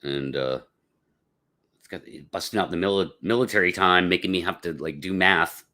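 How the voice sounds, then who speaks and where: A man's voice: deep voice, normal speed, sharp tone. A man hosting a casual live podcast, chatting with viewers in a rambling, laid-back way with lots of fillers. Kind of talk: casual livestream chat.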